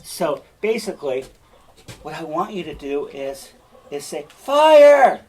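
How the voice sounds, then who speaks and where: A man teaching a class, explaining a text step by step. He talks slowly with a slightly high voice. He often pauses to check that the class follows. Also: breathy edge. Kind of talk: classroom lecture.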